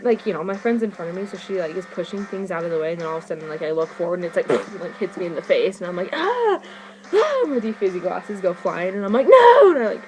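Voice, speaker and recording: A teenage girl vlogging to her webcam, telling a story excitedly and rambling with "like" in nearly every phrase. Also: fairly low pitch, background noise. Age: teens. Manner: rambling, fillers, "like" constantly. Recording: music playing behind her.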